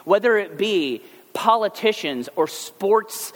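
A male pastor giving a conversational sermon, animated and joking as he talks to the congregation. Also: high-pitched, slow pace. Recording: long hall reverb.

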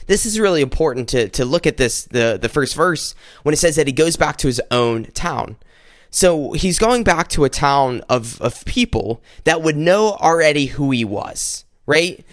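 A man's voice: on the high side, dry recording, studio quality. A man preaching a conversational sermon, often stumbling and repeating words as he goes.

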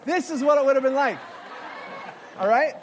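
A man with a strikingly high voice delivers a lively, interactive sermon. He jokes as he goes and cues the audience to act out the story with him. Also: moderate pace, some chatter behind, slight background noise. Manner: playful, directs the audience to act out the scene; jokey asides with light laughs. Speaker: pastor.

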